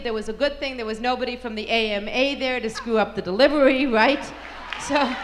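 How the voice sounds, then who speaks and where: A woman's voice: high voice, a bit bright. A woman stand-up comedian telling an irreverent story on stage, with brash, punchy delivery. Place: stage before a live audience. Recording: live comedy-club recording with crowd noise.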